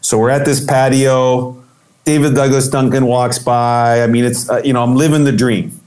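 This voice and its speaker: A man's voice: mid-range voice, normal speed. A middle-aged man in a casual interview, telling a long story with lots of life and playing out the people in it. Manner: animated anecdotal storytelling, acts out quoted voices. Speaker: interview guest, photographer.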